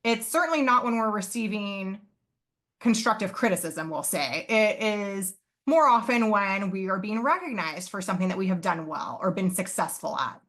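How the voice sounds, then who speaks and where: A woman professor presents live over a video call, her voice bright and forceful. She explains earnestly, pausing on fillers and correcting herself as she goes. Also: mid-range voice, expressive. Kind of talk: live online conference presentation.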